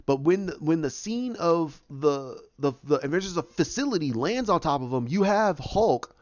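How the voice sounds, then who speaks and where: Animated man recapping a film. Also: on the high side, moderate pace, no room sound, muffled recording. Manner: animated, acts out scenes, many restarts. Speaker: podcast host.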